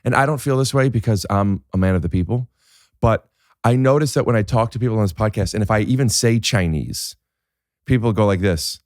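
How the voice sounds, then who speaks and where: A man's voice: fairly low pitch, a little fast, no room sound, clean studio sound. A man hosting a podcast, chatting casually, rambling and joking with lots of fillers and restarts. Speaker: podcast host. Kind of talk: casual chat.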